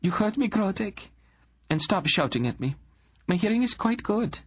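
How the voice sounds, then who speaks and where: A man's voice: high-pitched, sing-song, normal speed, slightly rough, pitched above the performer's own voice, full character voice. A man voicing a stern young queen who gives cold, clipped royal commands. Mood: icy command.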